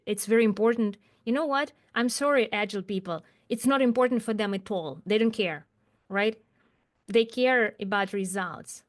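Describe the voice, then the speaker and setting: A woman speaking as an as an interview guest, talking about her work with emphatic, animated rhetorical questions. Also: mid-range voice. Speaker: guest, agile coach. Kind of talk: interview conversation.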